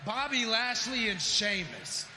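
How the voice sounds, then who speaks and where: A man cuts a cocky, boastful wrestling promo in a high voice. It has the long, echoey reverb of a big indoor arena, with loud noise behind him. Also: big pitch swings, measured pace. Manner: cocky, trash-talking. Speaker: pro wrestler.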